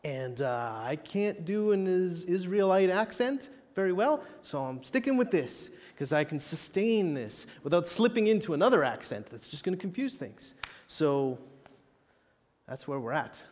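A man preaching a sermon with measured, dramatic pauses and bits of self-mocking humor. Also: high-pitched, very animated, darkish tone, in a large hall. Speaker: pastor.

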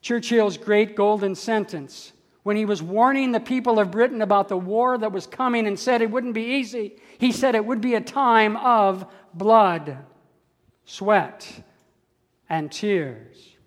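An older man from Canada preaching a sermon, with measured delivery and slow emphatic stresses on key words. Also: high-pitched. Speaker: pastor. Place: church sanctuary. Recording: church hall with long reverb.

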